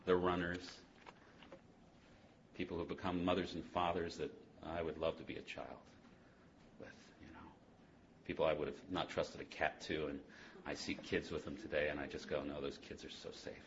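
At a recovery meeting, a man with a bass voice gives his personal testimony at a moderate pace, pausing often. He tells his story with animation, laughing frequently before dropping to a hush, and the muffled lo-fi recording carries slight background noise.

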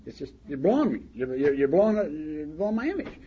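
A man voicing his old drinking buddy, a gruff and bossy middle-aged man who scolds and lectures. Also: fairly high pitch, sing-song, fairly quick, dark tone. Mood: scolding. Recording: dull lo-fi recording with faint hiss.

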